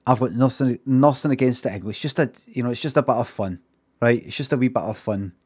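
A man's voice: medium pitch, quick pace, darkish tone, husky. Sweary Scottish man rambling on stream. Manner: rambling, mock-serious, sweary. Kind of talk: casual live-stream commentary.

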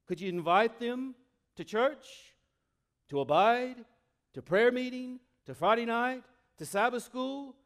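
High-voiced guy pastor preaching, gets loud then goes real quiet, very animated. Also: slow. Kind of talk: sermon.

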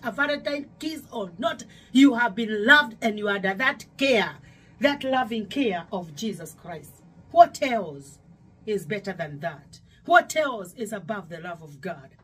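Preaching a devotional sermon, this middle-aged pastor from Kenya speaks in a fairly high, expressive, slightly rough voice with a Kenyan accent, taking her time. She's emphatic, repeats phrases, and bursts into sudden louder exclamations.

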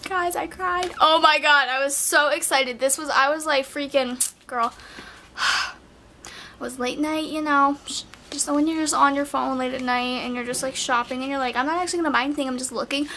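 A teenage girl rambles through a makeup haul from her bedroom, her high, bright voice full of gushing and endless "like" fillers. A faint hiss and a few clicks sit under her voice. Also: fairly even intonation, normal speed. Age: teens. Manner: chatty, gushing, heavy on "like" fillers. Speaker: beauty vlogger. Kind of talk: casual makeup haul chat. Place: bedroom at night.

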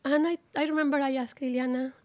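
A woman in her forties giving a heartfelt, halting graduation speech at a ceremony. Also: high-pitched, fairly even intonation, a little mellow, no echo. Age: 40s. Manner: heartfelt, emotional, halting with restarts. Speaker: graduating student speaker.

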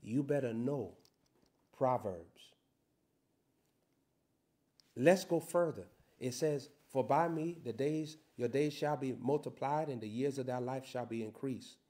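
A man preaching a sermon, reading scripture slowly and building to loud, shouted emphasis. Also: mid-range voice.

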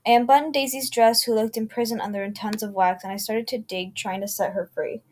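A woman's voice: fairly high pitch, steady tone, brisk. Woman reading a creepy story aloud. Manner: reads unevenly, with slips and self-corrections. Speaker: channel host reading creepy stories. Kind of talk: first-person horror story narration.

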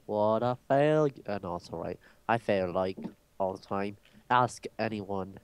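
Teen American male gamer, hyper and jokey, low register, dry mic. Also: fairly even intonation, a little slow, clean tone, no room sound. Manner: hyper, joking, rambling. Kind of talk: casual gaming chat.

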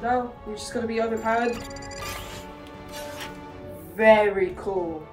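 A woman playing a VR game who chats to herself in an excitable way, with many exclamations, recorded from a distance in an echoey room. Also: a little high, takes it slowly, music in the background. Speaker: gamer streamer.

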